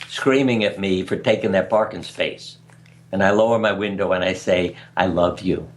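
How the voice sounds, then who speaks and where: A man's voice: low voice, moderate pace. An older man talking as a radio guest, telling stories in an earnest, anecdotal way and chuckling at his own tales. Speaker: guest speaker. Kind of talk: conversational storytelling interview. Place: radio interview.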